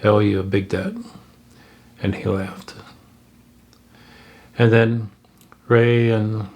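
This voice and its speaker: A man telling a story aloud, unscripted, in a halting way with pauses and restarts. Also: on the low side, level tone, darkish tone. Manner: halting, with frequent fillers and restarts.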